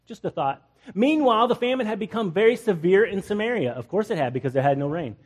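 A male pastor preaching a lively, conversational sermon, joking with the congregation and acting out the people in the story. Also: high voice, fast talker. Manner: acts out biblical characters in playful asides, jokes with the congregation.

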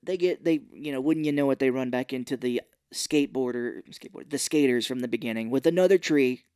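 A podcast co-host in a casual movie recap chat, retelling scenes and acting out the characters' lines in quick put-on voices. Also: mid-range voice, darkish tone, clear, resonant tone, no room sound, studio quality.

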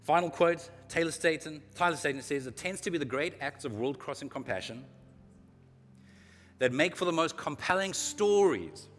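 Animated preacher in echoey hall. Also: male voice, on the high side, moderate pace, faint music behind. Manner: lively, animated preaching with sudden swings in loudness. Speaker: pastor. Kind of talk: sermon. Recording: long echo of a hall.

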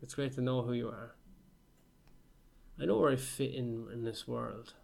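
A man chats casually on a podcast. He has a gravelly, creaky voice at an ordinary pitch, and his delivery is dry and sarcastic. He keeps a straight face while saying absurd things. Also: normal speed. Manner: deadpan, sarcastic joking. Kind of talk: casual chat.

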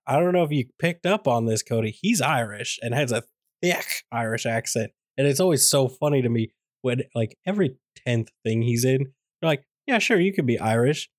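A man at an ordinary mid-range pitch, recorded dry and close with no room sound. He talks playfully and emphatically, repeating phrases for comic build-up. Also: no echo. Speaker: podcast co-host. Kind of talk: casual movie review chat.

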